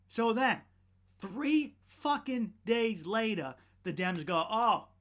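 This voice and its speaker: A man hosting a podcast, delivering a sardonic, profane comedic rant that rambles, restarts and swings between loud outbursts and muttered asides. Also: sits high, sing-song, drawn-out words. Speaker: podcast host.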